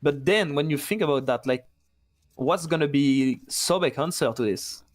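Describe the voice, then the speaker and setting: A native French speaker co-commentates a strategy game in English with a French accent. His voice sits a touch higher than usual for a man, and he sounds relaxed and tentative, hedging his calls. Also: normal speed. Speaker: co-caster.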